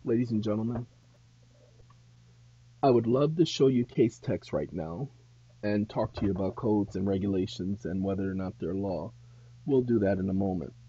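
Husky man giving a measured advice talk. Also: low voice, no room sound, muffled recording. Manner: measured and deliberate, turning indignant and loud. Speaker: host. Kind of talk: advice monologue to viewers.

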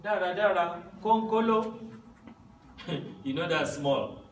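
A man with a high voice gives a language lesson, patiently repeating phrases for his listeners to echo. He is heard in an echoey room, some distance from the mic, with a faint hiss behind him. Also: expressive, slow pace. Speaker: language teacher.

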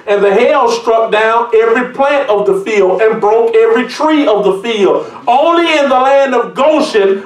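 A man preaching a sermon as pastor, reading scripture aloud and breaking into jokes and lively asides. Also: sits high, distant mic. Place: church. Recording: echoey room, mic from afar.

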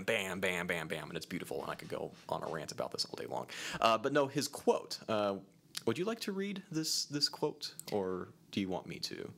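Lively low-voiced male podcast co-host. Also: creaky. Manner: animated, lively, reads a long quote aloud. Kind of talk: casual podcast chat.

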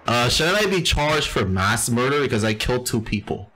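A man's voice: medium pitch, sing-song, moderate pace, hardly any pauses, sharp tone, a little hiss or hum, poor audio. A young man giving casual, profane gameplay commentary and laughing at the game. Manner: swears freely, laughs at the game. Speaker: gaming YouTuber.

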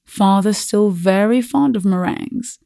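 A woman's voice: mid-range voice, measured pace, vocal fry, dark tone, no echo, clean studio sound. A woman voicing a flustered, embarrassed young man in a storybook reading. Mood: desperate.

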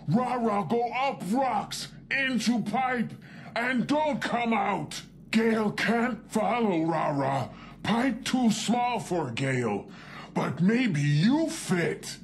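A woman's voice: medium pitch, lively intonation, slow, slight background noise. A woman voicing a big, short-tempered female super mutant in a video game, talking in broken, simple sentences and calling herself by name. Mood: worried.

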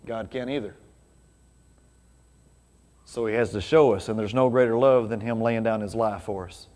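A man's voice: on the low side, moderate pace, darkish tone. A man preaching a casual, conversational sermon full of rhetorical questions to his congregation. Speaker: pastor. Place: church sanctuary. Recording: reverberant church hall.

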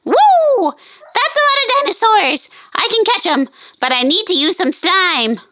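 Brief: woman playing a bouncy magical male kid-show puppet, sing-song, extremely high and lively. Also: unhurried, exaggerated voice. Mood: eager.

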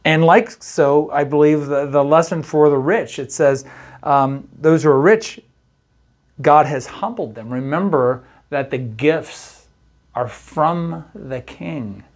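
A middle-aged man, a campus pastor, giving a relaxed daily devotional in a chatty, folksy way, often checking in with the listener. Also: fairly high pitch, slow pace. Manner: conversational, folksy, often asks "right?".

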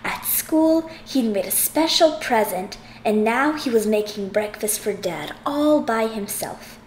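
A woman reading a children's picture book aloud, expressive and sing-song. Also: fairly high pitch, measured pace, reverberant, a little hiss or hum. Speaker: audiobook reader. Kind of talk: children's story read aloud.

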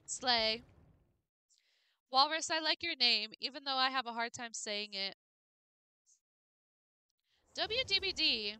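A woman's voice: sits high, lively intonation, measured pace, long pauses, pushed and bright, clean tone, no room sound. A young woman streaming a game late at night, chatting casually with viewers, bubbly and playful, tripping over names and laughing. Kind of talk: casual live-stream chat while gaming.

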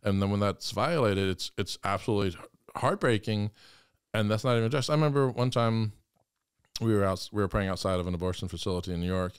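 Earnest low-voiced priest in conversation. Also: male voice, fast, clear, resonant tone, no room sound, studio quality. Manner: earnest, impassioned storytelling. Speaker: guest priest. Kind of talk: conversational interview.

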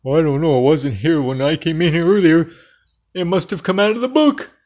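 A man voicing a meek, sleepy male toy creature who talks slowly and apologetically. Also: a little mellow, lightly acted. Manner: slow, low and apologetic.

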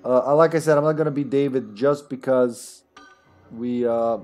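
A man's voice: mid-range voice, moderate pace, a little mellow, soft background music. A man streaming a video game with friends, chatting casually, joking and laughing often. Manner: jokey, laughs often, rambling. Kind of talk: casual gaming chat.

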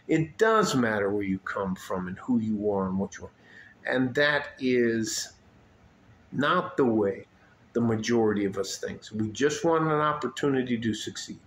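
Man, late fifties, mid-pitched, blunt and profane unscripted rant, echoey room, faint background hum. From United States. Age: 50s. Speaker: vlogger.

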